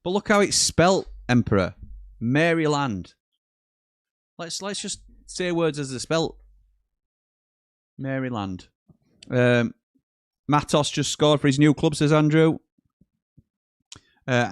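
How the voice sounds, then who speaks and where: A British man hosting a live football watchalong, reading viewer comments aloud and breaking into quick commentary on the match. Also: a little high, no echo, studio quality. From Britain. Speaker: watchalong host.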